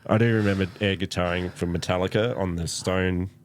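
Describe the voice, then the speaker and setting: A man's voice: sits low, a little fast. A man telling loose, profane stories as a podcast guest. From Australia. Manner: loose, profane storytelling with lively quoted voices. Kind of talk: casual storytelling chat.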